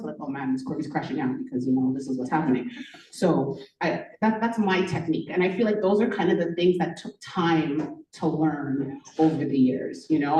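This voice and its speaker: Brief: teacher on a panel, woman, lower pitch, warm tone, chatty storytelling, echoey room mic'd from afar. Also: far from the mic, a little hiss or hum. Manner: animated storytelling, frequent "like" and "you know". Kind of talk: conversational panel talk. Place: event room.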